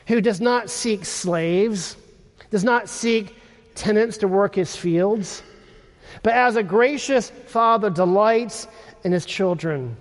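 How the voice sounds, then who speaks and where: Slow, high-voiced preacher in a hall. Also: male voice. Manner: slow, measured delivery with emphatic pauses. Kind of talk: sermon.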